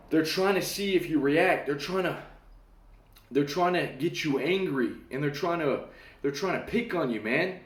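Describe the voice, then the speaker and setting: A young man in a casual storytelling monologue, animated, swearing casually and acting out the voices of people in his story. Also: fairly high pitch. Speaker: self-help talker. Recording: echoey room.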